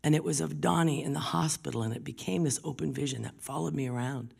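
A woman delivers a sermon full of personal testimony. Her voice is gravelly and husky, and it often falls to a hushed whisper as she tells her stories. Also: low-pitched, quick pace. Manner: storytelling, often dropping to a whisper. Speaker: preacher.

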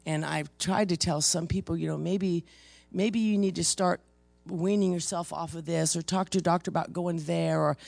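A man teaches in a conversational, storytelling way, pressing hard on his key points and stumbling into restarts as he goes. His voice has a gravelly texture. The recording is close and dry. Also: fairly high pitch, steady tone, normal speed, a little mellow, no echo. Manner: emphatic, storytelling, frequent restarts. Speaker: preacher.

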